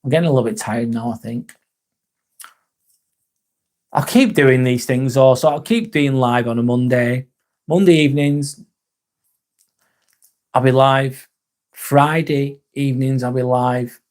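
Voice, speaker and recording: A young English man chatting live to his viewers, halting and sincere, often trailing off and starting over. His voice sits at an ordinary middle pitch, and his talk is loose and unscripted. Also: a little mellow. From England. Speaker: livestream host. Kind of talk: casual live-stream chat, reading comments.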